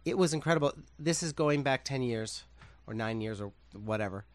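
A man, a fashion designer, telling lively stories in a casual interview and acting out other people's voices. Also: mid-range voice, normal speed. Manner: animated, acts out quoted voices, laughs often.

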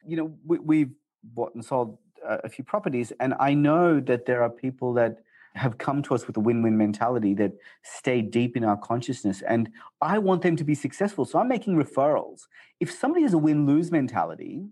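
Man, middle-aged, conversational interview guest, animated asides, mid pitch. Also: fairly quick, husky. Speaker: guest speaker on communication.

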